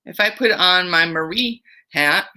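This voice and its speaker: A woman's voice: on the low side, a little slow, pushed and bright. A young woman who works as a camp counselor, giving a cheerful, playful online music lesson for children.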